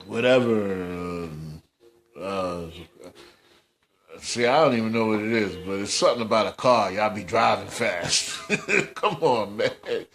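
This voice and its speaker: A man's voice: lowish voice, expressive, takes it slowly, a bit bright. A man hosting a casual commentary podcast, scolding in slangy, repetitive talk. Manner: scolding, slangy, repeats himself. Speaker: host.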